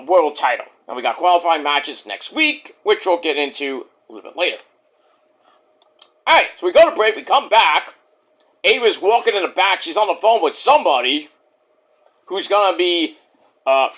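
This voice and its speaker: A man recapping a wrestling show in a casual vlog, excitable, rambling and profane. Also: high-pitched.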